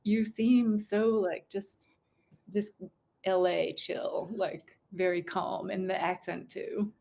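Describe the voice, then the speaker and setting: A middle-aged American woman in casual conversation as a guest author, chatty and quick to laugh, often breaking off and restarting. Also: mid-range voice, darkish tone. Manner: chatty, laughing, self-interrupting.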